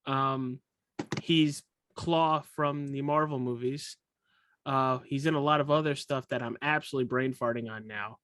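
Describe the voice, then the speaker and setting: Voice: mid-range voice, fairly even intonation, normal speed, fairly bright tone, no room sound. Joking, rambling podcast host, dry sound. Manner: rambling, self-correcting and jokey. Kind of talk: casual podcast chat.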